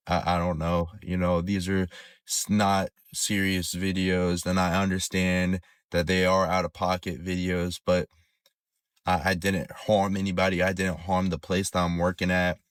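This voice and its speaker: A man making a casual vlog, speaking in a halting, hesitant way and often repeating words. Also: low-pitched, clear, resonant tone, dry recording, clean studio sound. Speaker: content creator.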